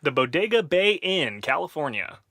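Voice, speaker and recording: Male podcast host, bright animated delivery, lively pitch, dry close mic. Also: moderate pace, no room sound. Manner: lively, animated, plays the show's announcer. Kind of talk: casual podcast chat.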